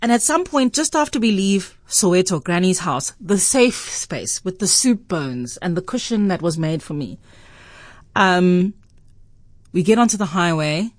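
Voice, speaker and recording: A South African woman radio host telling a story in an animated way, acting out the voices in it and laughing often. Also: on the low side, unhurried, dry recording.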